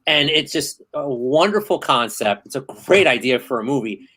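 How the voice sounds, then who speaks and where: A man in his thirties hosting a casual podcast chat, telling stories in an animated, excitable way. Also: mid-range voice, normal speed, poor audio. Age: 30s. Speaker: host.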